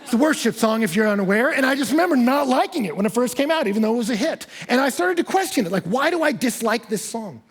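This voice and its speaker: Husky, animated preacher. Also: male voice, very high-pitched, very fast, few pauses. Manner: animated, candid storytelling with self-deprecating humor. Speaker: pastor. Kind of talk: sermon. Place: church service.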